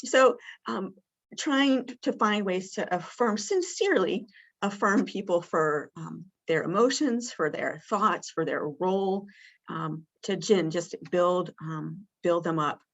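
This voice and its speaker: A woman with a fairly low pitch takes it slowly, and the audio is dull. She's running an interactive training session on communicating with people with dementia, teaching warmly and conversationally with lots of fillers, and she acts out caregiver lines in a bright, lifted voice.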